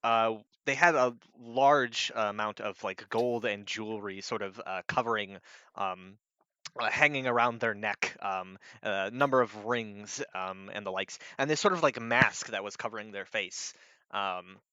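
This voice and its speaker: A man narrating a tabletop game as game master, halting and full of fillers. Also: on the low side, bright, forceful tone, clear, resonant tone, no room sound, highs cut off.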